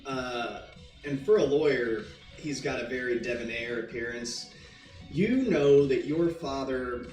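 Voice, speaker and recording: A man narrating a tabletop roleplay as game master, in a casual, halting way. His voice sounds roomy and a little far from the mic. Music plays clearly in the background. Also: mid-range voice, darkish tone.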